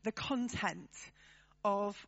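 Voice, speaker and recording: A woman's voice: medium pitch, takes it slowly, highs cut off. A woman preaching a sermon to her church, talking conversationally and turning to the congregation with tag questions.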